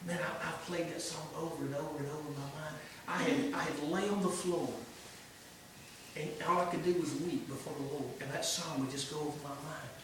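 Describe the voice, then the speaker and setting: A man teaching a church class in an informal, earnest sermon style, swinging between hushed and emphatic. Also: a little high, fairly even intonation, fairly quick. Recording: echoey room from far off with noise.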